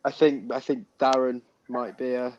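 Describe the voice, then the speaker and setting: A man chatting on a podcast, a bit hesitant and quick to laugh along. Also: mid-range voice, little pitch movement, a little mellow. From Britain. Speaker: podcast co-host. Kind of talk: casual chat. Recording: muffled lo-fi mic with crowd noise.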